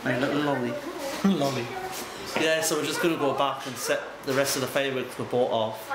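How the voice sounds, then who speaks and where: A man's voice: mid-range voice, quick pace. A young man from the UK chatting casually to viewers in a jokey vlog, outdoors at night. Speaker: vlogger. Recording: loud outdoor background noise. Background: traffic and outdoor noise.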